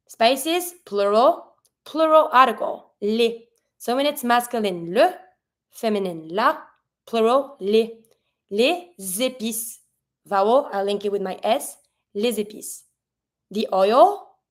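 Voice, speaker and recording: A woman with a French Canadian accent teaching French pronunciation, spelling out sounds and slowing down for each model word. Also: a little high. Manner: patient, spells out sounds, slows down for model words. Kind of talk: pronunciation lesson.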